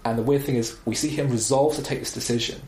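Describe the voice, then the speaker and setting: A man chatting casually about films, animated and wry, with exasperated asides. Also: mid-range voice, fast. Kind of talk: casual film chat. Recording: roomy echo, faint background noise.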